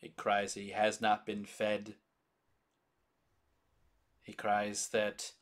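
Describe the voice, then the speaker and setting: A man narrating a tabletop game as game master, describing scenes in slow, descriptive detail. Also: lowish voice, completely flat delivery.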